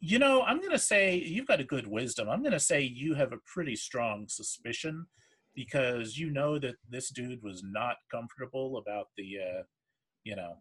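A man's voice: mid-range voice, lively intonation, moderate pace, a bit bright, slightly rough. A man acting as game master, describing scenes and calling for rolls with many hesitant restarts. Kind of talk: running a tabletop game.

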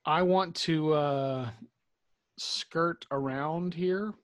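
Slightly high-pitched man at a game table. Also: drawn-out words, no room sound, studio quality. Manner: hesitant, restarting sentences. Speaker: player. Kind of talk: casual chat at a game table.

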